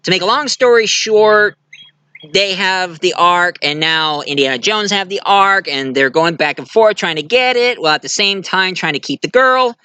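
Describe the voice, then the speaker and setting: A man's voice: sits high, moderate pace, sharp tone, clean tone, no echo. A man giving a casual movie review, retelling the plot in a rambling way with fillers and restarts.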